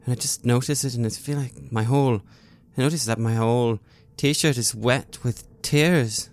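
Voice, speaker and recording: A man's voice: mid-range voice, steady tone, moderate pace, hardly any pauses. A man playing a tabletop role-playing game in character, stammering and hesitant. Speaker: player.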